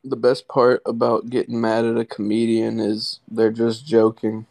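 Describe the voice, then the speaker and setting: A man's voice: fairly low pitch, completely flat delivery, normal speed, vocal fry, darkish tone, no echo. Terse young man, dry close sound. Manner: terse, profane interjections. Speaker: podcast co-host. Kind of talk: casual podcast chat.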